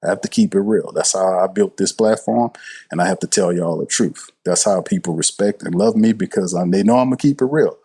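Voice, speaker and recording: Husky, low-voiced, heated man. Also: fairly quick, dark tone. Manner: passionate, blunt, swears freely, talks straight to chat; slangy, repeats himself for emphasis. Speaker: live stream host. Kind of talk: heated live sports commentary.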